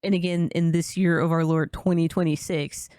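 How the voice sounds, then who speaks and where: A woman's voice: lowish voice, little pitch movement, normal speed, darkish tone, clean tone, no echo, studio quality. A woman co-hosting a casual podcast, talking bluntly and emphatically with frequent swearing. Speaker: podcast co-host.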